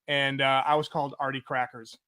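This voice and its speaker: A man's voice: mid-range voice, level tone, fairly quick, bright, forceful tone. A man co-hosting a casual talk show, laughing often and reading out viewer comments. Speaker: podcast co-host. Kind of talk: casual chat.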